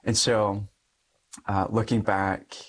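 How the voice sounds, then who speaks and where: A young man who is a Catholic priest tells his personal story in an interview. His voice sits a little low, and he speaks earnestly and openly. He laughs often and acts out the lines of people in his story. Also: level tone, slow pace, husky.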